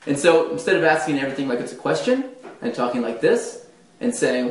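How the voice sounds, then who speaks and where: A man's voice: medium pitch, sing-song, brisk, a little hiss or hum. A man giving dating advice in a casual, earnest coaching tone. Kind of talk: casual spoken advice to camera. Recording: roomy sound from a distant mic.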